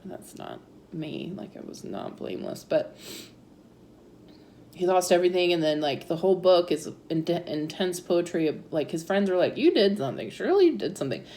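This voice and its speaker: Woman, thirties, slightly low voice, chatty personal storytelling, lots of "like" fillers. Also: normal speed, dark tone. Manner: chatty, full of "like" fillers, laughs often. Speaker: interviewee sharing her story.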